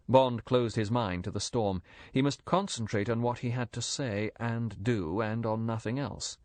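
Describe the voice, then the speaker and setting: A man narrating an audiobook in a measured, clear reading. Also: lowish voice, darkish tone, no echo. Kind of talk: audiobook narration with character voices.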